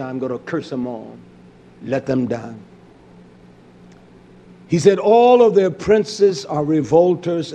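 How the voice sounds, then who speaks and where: A male preacher with a high-pitched voice delivers a fiery sermon. He drops to near-whispers, then climbs into loud, shouting bursts. It is a raw, emphatic pulpit style. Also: slight background noise. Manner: impassioned preaching that swings from hushed to shouted.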